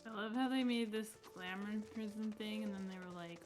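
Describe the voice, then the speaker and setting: A woman's voice: medium pitch, fairly quick, over music. A woman playing along in a game stream, chatting casually with lots of filler words. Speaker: co-player. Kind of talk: casual chat.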